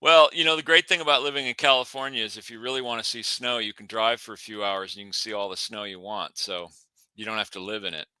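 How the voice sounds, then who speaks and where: A man's voice: lowish voice, fairly even intonation, fast, sharp tone, clean tone, dry recording. A man co-hosting a casual food talk, easygoing and full of anecdotes. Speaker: co-host. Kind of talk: casual chat.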